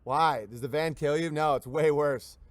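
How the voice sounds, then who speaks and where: Male livestream host, fairly high voice, dry close mic, sardonic rambling rants, jumps into mock voices. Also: moderate pace, no room sound. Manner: sardonic, acts out quoted voices mid-sentence. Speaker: livestream show host reading viewer messages. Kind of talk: rambling comedic rant.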